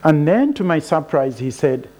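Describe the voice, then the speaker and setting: A man with a fairly high voice tells a personal story. He moves easily between narration and the voices of the people he quotes, with an animated storytelling manner. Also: normal speed. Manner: animated storyteller who acts out quoted dialogue. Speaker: speaker telling a personal story. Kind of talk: storytelling talk.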